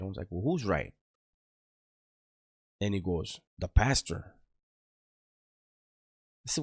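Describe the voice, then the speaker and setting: A middle-aged man with a very low voice tells a story from his past, loose and rambling, full of street slang and swearing. The sound is dry and close, with no room around it. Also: animated, slow, long pauses, slightly rough, no room sound. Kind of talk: casual storytelling.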